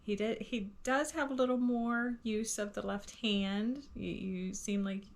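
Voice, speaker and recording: A woman's voice: mid-range voice, fairly even intonation, unhurried. A woman caregiver with therapy skills, chiming in supportively and finishing her partner's sentences in a casual home video.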